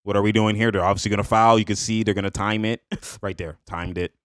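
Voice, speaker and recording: A man reacting to basketball highlights in a hyped, slangy way, laughing often and repeating catchphrases. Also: fairly even intonation, fast talker, no room sound, clean studio sound. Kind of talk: excited casual highlight reaction.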